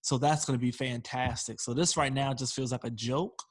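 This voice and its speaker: A man's voice: mid-range voice, steady tone, moderate pace. A man co-hosting a podcast in casual chat, with dry, wry remarks. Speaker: podcast co-host.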